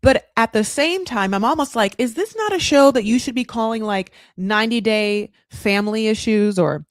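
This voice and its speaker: Sassy, animated woman recapping reality TV. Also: on the high side, normal speed, no room sound, clean studio sound. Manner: animated, sassy, swears freely, talks in bursts. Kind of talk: casual recap commentary.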